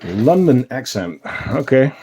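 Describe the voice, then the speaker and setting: Dutch man, live-stream host, unhurried and mellow, chatty with lots of ums. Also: medium pitch, slightly rough. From Netherlands. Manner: relaxed, chatting with viewers while showing his ants, frequent ums. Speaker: ant keeper streamer. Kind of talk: casual live-stream chat.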